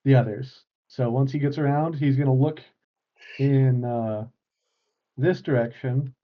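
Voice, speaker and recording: A woman's voice: rumbling low, steady tone, a little slow. A woman playing in an online tabletop game, describing her moves hesitantly with many fillers. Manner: hesitant, full of uh and like. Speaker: player. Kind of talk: casual tabletop game play. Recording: lo-fi online call audio.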